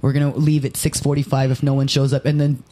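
A man telling a profane, rapid-fire story on a casual podcast, acting out the quotes. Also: mid-range voice, completely flat delivery, mellow. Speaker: podcast co-host and comedy show runner.

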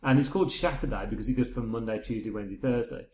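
A middle-aged man talks quickly in a loose, rambling way, acting out bits of dialogue as he retells a story. His voice sits at an ordinary pitch. The sound is roomy and echoey. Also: darkish tone. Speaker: podcast co-host. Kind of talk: casual chat.

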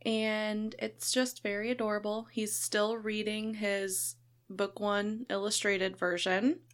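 An American woman in her thirties telling an animated story in casual chat, laughing often. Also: mid-range voice, takes it slowly.

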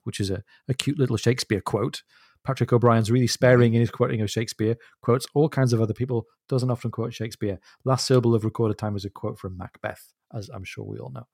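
A man co-hosting a book discussion podcast, explaining literary references with quiet enthusiasm. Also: medium pitch, fairly even intonation, quick pace, creaky, no room sound, studio quality. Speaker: podcast co-host.

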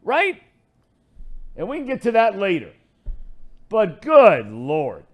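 A man's voice: high-pitched, wildly swooping pitch, slow. A middle-aged man hosting a sports talk radio show, ranting in a fired-up way.

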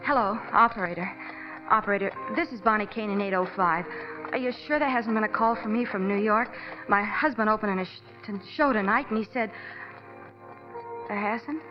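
Actress playing a lovesick young burlesque wife. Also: female voice, mid-range voice, fairly quick, over music, lightly acted. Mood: anxious. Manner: anxious, pleading then tender. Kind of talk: 1950s radio drama acting. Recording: dull old radio broadcast.

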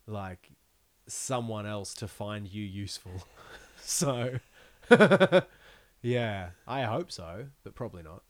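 A man's voice: fairly low pitch, dry recording. A young man chatting as a podcast guest, laughing often, rambling and swearing freely. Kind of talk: casual interview chat.

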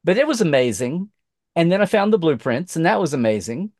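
Animated middle-aged man telling a story. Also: fairly high pitch, a little fast, no room sound, clean studio sound. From Oklahoma. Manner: animated, acts out quoted voices, many restarts. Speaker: podcast guest. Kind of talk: casual storytelling chat.

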